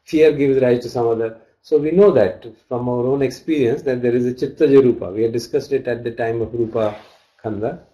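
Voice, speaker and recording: A man's voice: mid-range voice, steady tone, a little fast, dark tone, dull audio. A man teaching a study class, reading out texts and glossing Pali terms as he explains them. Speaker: dharma teacher.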